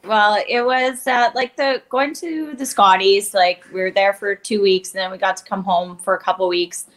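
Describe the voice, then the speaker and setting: A woman's voice: medium pitch, steady tone, normal speed. Woman in her thirties, interview guest, open and emotional, laughs easily, mid-range voice. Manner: candid, emotional, laughs often. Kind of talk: casual interview chat.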